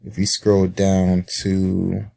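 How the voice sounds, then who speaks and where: A man talking through a coding tutorial in a relaxed way, with frequent ums and uhs. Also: deep voice, slow, gravelly, dry recording. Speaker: instructor. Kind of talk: screen-recorded coding tutorial.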